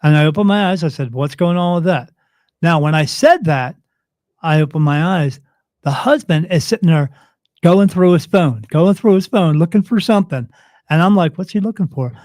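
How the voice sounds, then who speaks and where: Medium guy telling a story on a podcast, slightly high voice, acts out all the quotes. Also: normal speed, dry recording. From United States. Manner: animated retelling, acts out quoted dialogue. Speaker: spirit medium guest. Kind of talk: storytelling in an interview.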